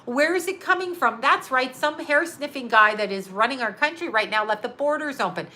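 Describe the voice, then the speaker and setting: Middle-aged woman host, sharp bright voice, sarcastic, heated rant with swearing. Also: high-pitched, lively intonation, a little fast. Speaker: psychic medium and live show host. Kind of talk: casual rant to a live audience.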